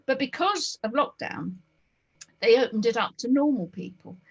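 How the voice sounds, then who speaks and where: A woman's voice: on the high side, expressive, normal speed, creaky, slightly rough, lo-fi sound. A woman with a Northern English accent hosting a casual video-call chat, talking in an enthusiastic, rambling way with lots of ums. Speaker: host.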